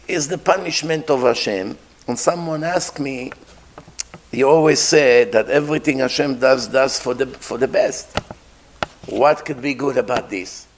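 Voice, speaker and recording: Man, religious teacher, sermon with a story, emphatic, unhurried delivery. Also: fairly high pitch, slight background noise. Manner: slow, emphatic, repeats phrases.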